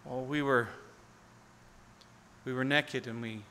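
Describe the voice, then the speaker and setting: A man preaching a sermon as pastor, earnestly, rising to pleading appeals and falling to near-hushed tones. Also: medium pitch, steady tone, slow pace. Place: church sanctuary. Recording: long hall reverb.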